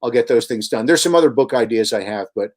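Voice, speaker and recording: A man, a radio host and author, guesting on a radio show and telling long, animated anecdotes with many restarts. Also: mid-range voice, fast. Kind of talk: storytelling in a radio interview.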